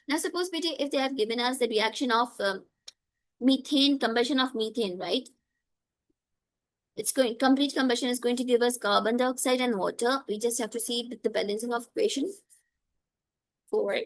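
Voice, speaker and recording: A woman's voice: high voice, a bit bright. Woman teaching chemistry. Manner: checks in often with "okay?" and students' names. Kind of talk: live online class teaching.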